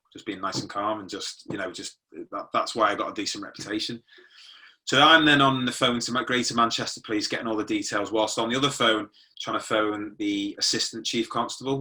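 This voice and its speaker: A man's voice: lowish voice, sharp tone. A middle-aged man, a former police sergeant, recounting a personal experience in conversational style, with restarts and quoted dialogue. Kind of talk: personal storytelling.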